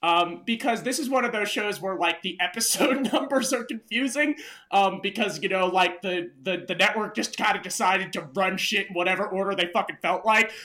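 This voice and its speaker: High-voiced, loose-talking casual man. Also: moderate pace. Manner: relaxed, swears freely, many fillers. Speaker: podcast co-host. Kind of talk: casual chat.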